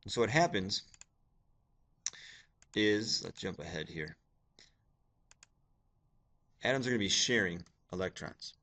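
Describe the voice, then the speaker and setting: A man with a very low voice records a lecture for his class while clicking through slides. He talks casually and jokes a little as he explains the material to his students. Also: expressive, a little slow, long pauses, bright, forceful tone. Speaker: science teacher.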